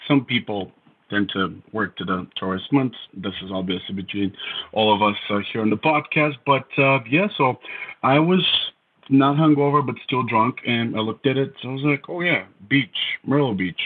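Bulgarian-accented man in his thirties, wry podcast guest, husky voice over a thin phone-like connection. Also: mid-range voice, normal speed. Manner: wry, self-deprecating storyteller. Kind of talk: casual storytelling interview.

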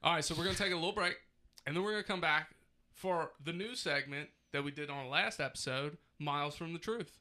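Higher, very bright joking young man. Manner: joking, quick interjections. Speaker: podcast host. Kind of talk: casual chat.

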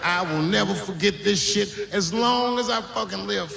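A man's voice: high-pitched, creaky, crowd noise. A man doing stand-up comedy, telling stories and acting out other people's voices, stretching his punchlines. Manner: storytelling with acted-out voices, drawn-out punchlines. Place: comedy stage before a live audience. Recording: echoey live venue with audience.

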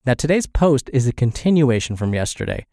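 A man with a congested, slightly scratchy voice narrates a health blog post at a steady, informative pace. His pitch sits in the middle of the range. The recording is dry and close. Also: a little fast, gravelly, dry recording. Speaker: podcast host and narrator. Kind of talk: reading blog posts aloud.

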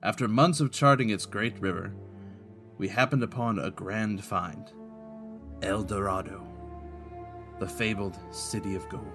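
A sixteenth-century Spanish explorer, as a game master puts him on in a hammy Spanish accent, recounts his journal solemnly over background music. The voice sits fairly low, and each entry is read in a steady, measured way. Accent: put-on Spanish accent.

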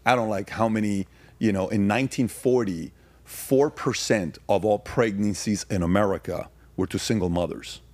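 A man talking as a podcast guest, telling personal stories and then arguing his point emphatically with rapid rhetorical questions. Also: lowish voice, darkish tone, no room sound. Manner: frequent fillers and restarts. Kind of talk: casual conversation, storytelling.

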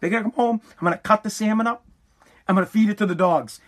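Middle-aged guy with a high voice, ranting and cussing, gets loud and worked up. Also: quick pace. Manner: animated, profane, rising to shouting. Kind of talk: profane comedic rant.

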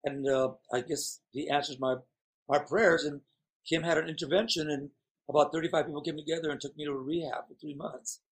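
A man's voice: on the high side, steady tone, a little fast, slightly rough. A man chatting as a guest, telling rambling, candid stories in a playful way. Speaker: guest performer. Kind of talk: casual chat.

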